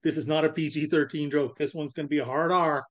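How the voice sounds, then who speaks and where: A man with a slightly higher pitch co-hosts a casual podcast. He spins a long joke with animated delivery and slips into quick voices for the people in it. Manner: animated storyteller, acts out voices. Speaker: podcast co-host.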